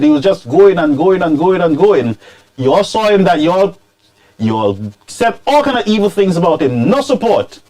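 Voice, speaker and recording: A man hosting political commentary, scolding and animated, dropping into Creole phrases. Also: high voice. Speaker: commentary show host.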